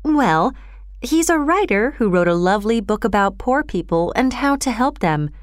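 A woman doing a gentle soothing mother. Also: a little high, expressive, normal speed, no room sound, studio quality, natural voice. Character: warm, gentle mother reassuring her children.

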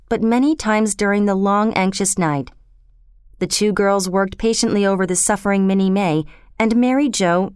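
A woman narrating a children's storybook in a steady, gentle, expressive reading. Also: mid-range voice, clear, resonant tone, dry recording, studio quality.

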